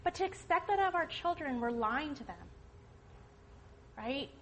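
A middle-aged woman speaks earnestly to a church gathering, pressing her points with emphasis. Her voice sits a little high, and a faint background hiss runs under it. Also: expressive, measured pace, poor audio. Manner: earnest, emphatic, preaching to the audience. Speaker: speaker at a church women's event. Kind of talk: testimony talk to an audience.

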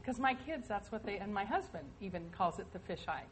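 A woman's voice: medium pitch, animated, a little fast, slight background noise. A middle-aged woman telling a family story, chatty and amused.

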